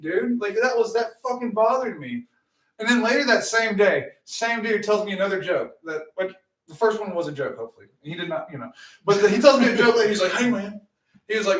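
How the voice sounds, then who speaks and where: A middle-aged man with a drawl talks on his livestream, cursing freely and rambling through stories. His voice sits high for a man. He is heard from back off the mic, in a room with noticeable echo. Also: a little fast, a bit bright, far from the mic. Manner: profane, rambling storyteller. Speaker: livestream host. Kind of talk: casual livestream chat. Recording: roomy, off-mic.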